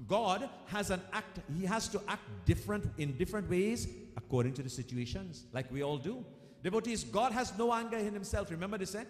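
A man's voice: high voice, expressive, a little fast. A man giving a devotional discourse, telling a scripture story to his devotees and repeating key lines for emphasis. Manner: addresses listeners as devotees. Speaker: spiritual speaker. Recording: echoey room with long reverb.

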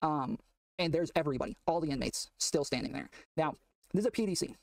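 A man telling a long story in casual chat, rambling with many fillers and getting excitable, recorded from a distance off the mic. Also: a little high, fast talker, vocal fry, dry recording. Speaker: guest telling a prison story.

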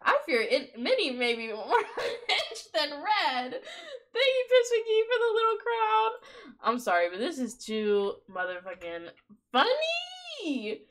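A young woman streams live, her high voice bouncing wildly up and down as she gossips about the game. She talks in an unhurried drawl, the tone bright and sharp, and she swears freely. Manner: excitable, gossipy, swears freely, breaks into laughter. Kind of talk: live gameplay commentary.

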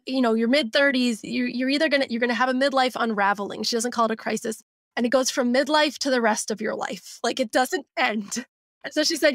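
A woman in her forties speaks as a podcast guest, her voice sitting a little high. She talks in a candid, reflective way and drops into quick quoted inner thoughts. The sound is close and dry, with no room around it. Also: no room sound. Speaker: guest, simplicity coach and author. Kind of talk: conversational podcast interview.

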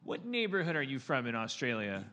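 A man's voice: mid-range voice, big pitch swings, fairly quick, sharp tone. A man hosting a live comedy podcast on stage, rambling and stammering playfully through his banter. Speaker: podcast host. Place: live theater stage with audience.

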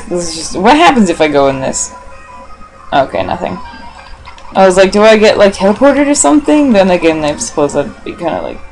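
A woman's voice: low-pitched, rough recording. A woman giving casual commentary as she plays a video game, rambling and swearing, talking to herself and the game characters with self-mocking asides. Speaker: let's play gamer.

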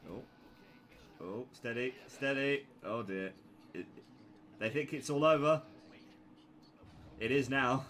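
A man's voice: medium pitch, takes it slowly, pauses often, fairly bright tone. A young man commentating casually on his own gameplay, sweary and sarcastic, with sudden yelps and laughs.

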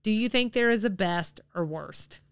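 A woman's voice: medium pitch, expressive, moderate pace, smooth, no room sound, clean studio sound. A woman co-hosting a podcast in casual chat, chatty and a little apologetic, laughing often. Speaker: podcast co-host.

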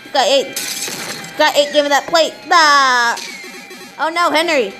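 A woman voicing SpongeBob, an excitable and goofy cartoon sea sponge, playing a video game and chattering to viewers. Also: high voice, a little slow, faint music behind. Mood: excited.

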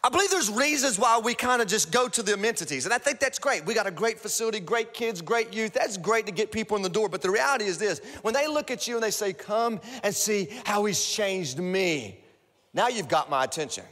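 Pastor guy preaching big, kinda high and bright, yelling at the peaks, long echo. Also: quick pace, few pauses. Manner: energetic, repetitive, rising to shouts. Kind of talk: sermon. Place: large church auditorium. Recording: echoey large hall.

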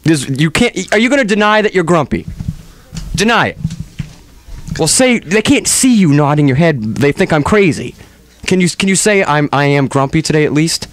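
A man's voice: fairly high pitch, lively intonation, normal speed. A man hosting a comedic radio show on a studio microphone, ranting in mock-melodramatic exasperation.

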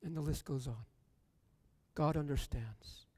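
A man's voice: a little high, unhurried, darkish tone, dry recording, in a large hall. A man preaching a sermon in a church, repeating lines with building emphasis. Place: church sanctuary.

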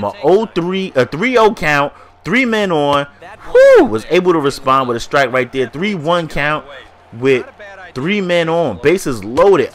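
A man's voice: mid-range voice, fairly bright tone. A man with a stuffy nose giving casual, hyped gameplay commentary, slangy and talking straight to his viewers. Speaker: gaming YouTuber.

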